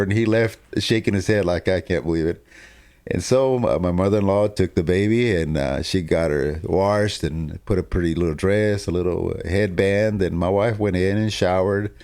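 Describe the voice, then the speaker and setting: A man telling a family story in a casual, animated way, laughing often and acting out what people said. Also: low voice, normal speed. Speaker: co-host telling his testimony.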